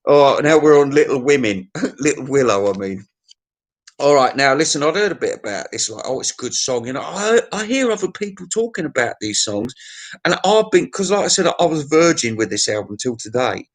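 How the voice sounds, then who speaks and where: A man's voice: on the high side, lively intonation, normal speed. A man giving a casual, unscripted album review, blunt and crude, swearing often and laughing at his own jokes.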